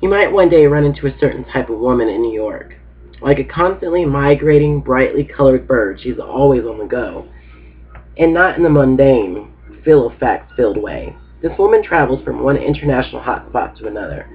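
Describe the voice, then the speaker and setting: A man's voice: medium pitch, expressive, normal speed. A man casually reading a book chapter aloud, laid-back and sleepy, just woken up. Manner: laid-back, reads with informal asides. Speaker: book reader. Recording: tinny phone-like recording.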